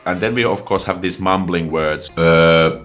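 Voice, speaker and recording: A man in his twenties, a language teacher with a Finnish accent, casually explains words to the camera, using plenty of fillers and restarts. His voice is low and a bit bright, at normal speed, with faint music behind him.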